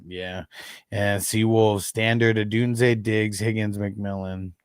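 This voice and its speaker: A man's voice: on the low side, fairly even intonation, slow, clean tone, dry recording, studio quality. A man in his thirties hosting a fantasy football livestream, chatting casually with viewers in a laid-back, slangy way, with frequent swearing and laughter.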